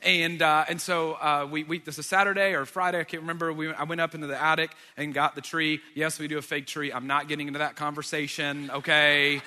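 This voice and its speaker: Pastor, man, 30s, bright and slightly high, ribbing the audience mid-sermon; reverberant hall. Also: little pitch movement, a little fast, hardly any pauses. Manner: joking asides to the audience. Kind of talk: sermon storytelling. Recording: long reverb of a large hall.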